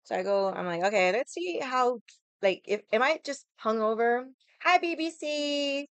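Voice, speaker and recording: A woman's voice: a little high, expressive, normal speed, a bit bright, clean tone, dry recording. A young woman chatting casually with viewers on a livestream, rambling, swearing freely and laughing often. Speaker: livestream vlogger.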